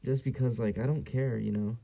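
A man's voice: medium pitch, steady tone, brisk, vocal fry, dark tone. A young man in his late teens from San Diego, hosting a solo podcast in a casual, rambling and profane way with lots of fillers. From San Diego area, US. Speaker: podcast host.

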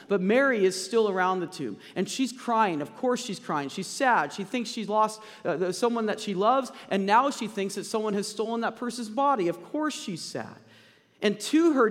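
A male pastor preaching a sermon, emphatic and slowing down to stress key points. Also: high-pitched, big-room sound.

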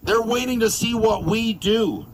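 A man's voice: high voice, measured pace, slight background noise, low-quality recording. A Canadian man giving a crude, joking, rousing speech at an outdoor rally. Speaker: rally speaker.

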